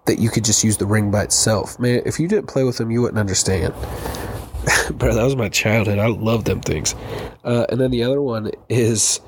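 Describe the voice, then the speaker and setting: A man's voice: medium pitch, darkish tone, slight background noise. A young man hosting a solo podcast, chatting loosely and rambling, swearing freely and laughing at himself. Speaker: podcast host. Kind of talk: casual solo podcast chat.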